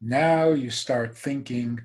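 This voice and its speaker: Slow-speaking rabbi, dry humor. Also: male voice, mid-range voice. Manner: slow, emphatic, with dry humor and soft laughs. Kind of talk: talk on a zoom call, answering questions. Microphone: video call.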